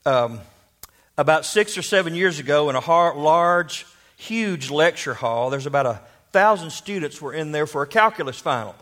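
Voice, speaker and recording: A man's voice: fairly high pitch, animated, normal speed, fairly bright tone. A man preaching a sermon, telling a story and asking rhetorical questions.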